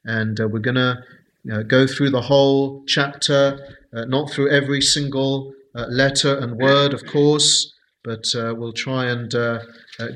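A man leading a Bible study, speaking slowly and deliberately with many hesitant fillers. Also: mid-range voice, bright, forceful tone, rough recording.

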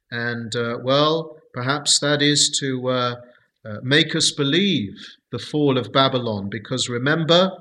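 Guy giving a slow bible study talk, lots of uh's, bright tense voice. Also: medium pitch, poor audio. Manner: slow and deliberate, many "uh" fillers.

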